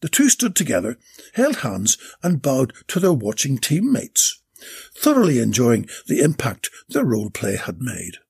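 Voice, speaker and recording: A man with a gravelly, raspy voice narrating a comic story in a deadpan way. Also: medium pitch, measured pace.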